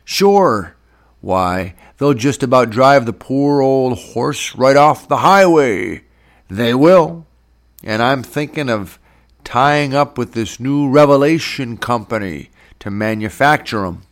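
A man's voice: medium pitch, lively intonation, extremely slow, few pauses, pitched above the performer's own voice. A man playing a proud, boastful young motorist. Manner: boastful, eager. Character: proud young man, eager new car owner. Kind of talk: audiobook character voice.

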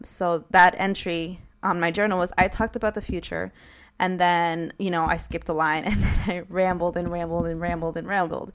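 A young woman hosting a casual podcast alone, talking candidly with many fillers and frequent laughter. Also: medium pitch. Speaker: podcast host. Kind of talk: casual solo podcast chat.

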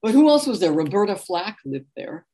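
A middle-aged woman, a book author and interview guest, telling lively anecdotes in a relaxed conversational way. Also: medium pitch, brisk. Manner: animated anecdotal storyteller, warm laughs.

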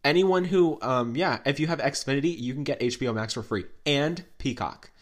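A podcast co-host dishing celebrity gossip, dramatic and chatty, with plenty of ums and likes. His pitch sits in the middle of the range. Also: moderate pace. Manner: dramatic, gossipy storytelling with many fillers. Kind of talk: casual pop culture gossip chat.

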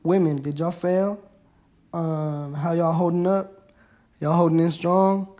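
A man's voice: a little high, steady tone, slow, warm tone. A young man hosting his own podcast, chatting casually and rambling in laid-back slang. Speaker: podcast host. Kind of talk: casual solo podcast chat.

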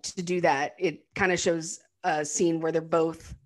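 A woman casually recapping a film's story, chatty and animated, sometimes slipping into the characters' voices. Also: low-pitched, measured pace. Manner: animated retelling, acts out quotes in character voices. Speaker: podcast co-host recapping a film. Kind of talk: casual chat.

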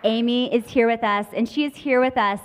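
A woman's voice: a little high, fairly even intonation, fairly quick, slight background noise. A woman hosting a live podcast on a conference stage, chatty, playful and upbeat. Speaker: podcast host. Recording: hall reverb, dull lo-fi sound.

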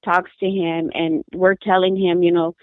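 A woman's voice: lowish voice, flat delivery, no room sound. Distressed woman on a tinny phone line. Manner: halting, repeats words, distressed. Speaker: mother of a missing daughter, interviewee. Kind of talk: emotional interview account.

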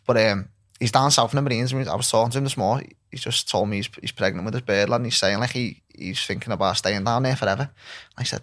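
A man's voice: medium pitch, fairly bright tone. A young man with a Scouse accent, a footballer chatting casually as a guest, slangy and full of "lad". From Liverpool, England. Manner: quick, slangy, says "lad" constantly. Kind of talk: casual chat.

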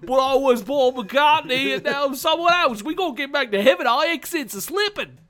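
A man's voice: very high-pitched, moderate pace, a bit bright, pitched above the performer's own voice. A man putting on a loopy older rock star from Liverpool, with a slipping Liverpool accent, rambling and boasting. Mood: goofy. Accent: put-on Liverpool accent, slipping.

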